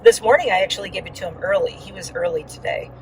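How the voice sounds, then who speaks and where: A woman's voice: on the low side, huge pitch swings, quick pace, recorded from a distance, slight background noise, poor audio. A woman giving a casual, rambling vlog update with lots of fillers, talking while riding in a car. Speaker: vlogger.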